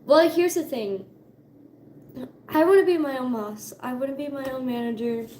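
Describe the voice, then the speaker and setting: A young woman with a high voice talks freely to her camera, casual and profane. Her voice rings in an echoey room. A faint hum of ambience sits behind her. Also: moderate pace, dark tone. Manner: chatty, swearing, laughing often. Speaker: vlogger. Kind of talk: casual chat.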